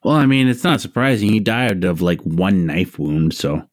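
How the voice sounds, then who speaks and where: A man's voice: low voice, normal speed, dry recording, studio quality. Joking, cursing podcast co-host man. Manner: joking, swearing, animated with laughs. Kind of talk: casual chat.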